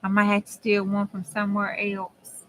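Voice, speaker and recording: A woman's voice: mid-range voice, monotone, moderate pace, a bit bright, rough recording. A woman hosting a crafting video, chatting in a folksy, homespun way with herself and her viewers as she works. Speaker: crafting channel host. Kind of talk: casual chat while crafting.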